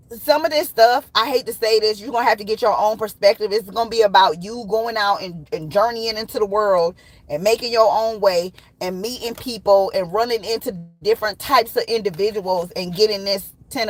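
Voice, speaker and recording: A woman's voice: mid-range voice, moderate pace, rough recording. A woman giving a casual livestream tarot reading, blunt and profane, teasing viewers and laughing often. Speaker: tarot reader.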